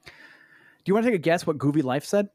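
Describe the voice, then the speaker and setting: A man on a podcast telling a story in an exasperated, animated way, swearing freely and swinging up into high pitch. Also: fast. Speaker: podcast co-host. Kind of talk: casual storytelling chat. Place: Los Angeles.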